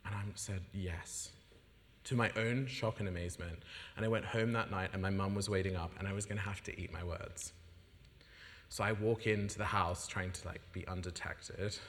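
A man giving an animated personal testimony as a guest preacher, acting out the voices of the people in his story and laughing often. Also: sits low, normal speed. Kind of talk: testimony in a sermon. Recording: long hall reverb.

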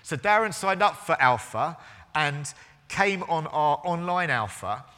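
Preaching in a church hall with a long, echoing reverb, a man in his forties tells a sermon story with halting restarts, acting out each side of a conversation. His voice is fairly high, pushed, bright and expressive, moving a little slowly.

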